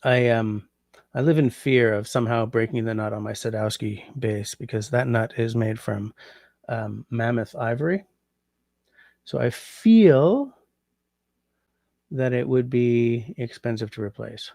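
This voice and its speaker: A man with a gravelly, medium-pitched voice hosts a relaxed livestream, reading comments and chatting with viewers. He speaks unhurriedly and muses aloud as he tries out French translations of phrases. The sound is close and dry, with no room sound.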